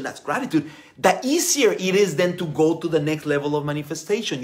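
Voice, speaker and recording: Animated man teaching, lively high voice. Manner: animated, emphatic and playful; repeats phrases for emphasis. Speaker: spiritual teacher. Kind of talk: motivational teaching talk.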